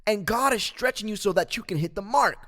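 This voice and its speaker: A man hosting a podcast, telling a Bible story as a motivational talk, with lots of fillers and animated asides. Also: sits high, brisk. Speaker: podcast host. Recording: long echoing reverb.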